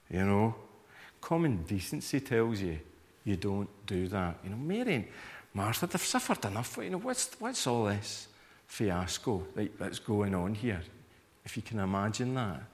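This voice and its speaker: A man preaching a sermon in a low, conversational voice. He keeps asking listeners to picture themselves in the scene, and a long hall reverb trails after each phrase. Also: lively intonation, measured pace. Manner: conversational, invites listeners to imagine the scene, acts out reactions.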